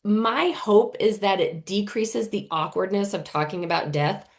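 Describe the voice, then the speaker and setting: A woman in her thirties, a podcast guest telling an emotional personal story in an earnest, animated way. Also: mid-range voice, unhurried. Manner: earnest, animated, often voices others in quotes.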